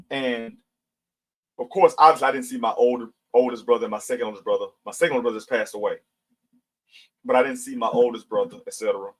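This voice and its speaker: A middle-aged man leads a casual Bible study, weaving scripture readings into everyday talk in a preachy yet conversational manner. His voice is medium-pitched, and the audio is poor.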